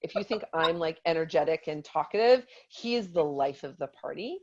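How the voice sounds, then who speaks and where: A woman in her forties telling a lively personal story in a motivational talk to her team, acting out what she said. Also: deep voice, brisk, muffled recording. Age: 40s. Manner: animated storytelling, acts out quotes.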